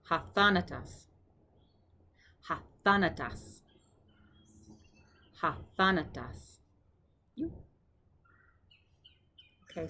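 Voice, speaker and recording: A woman teaching vocabulary in a casual lesson, saying each word slowly several times and adding chatty asides. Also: medium pitch, a little hiss or hum. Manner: repeats words slowly for the listener, with chatty asides. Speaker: language teacher.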